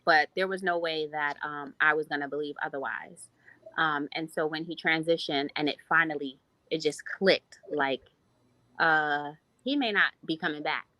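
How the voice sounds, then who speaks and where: A woman in her thirties gives a heartfelt, reflective testimony as a podcast guest. Her voice is bright and slightly low-pitched, and it is recorded dry and close. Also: normal speed, dry recording, poor audio. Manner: heartfelt, reflective, speaks in long flowing runs. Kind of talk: personal testimony in a podcast interview.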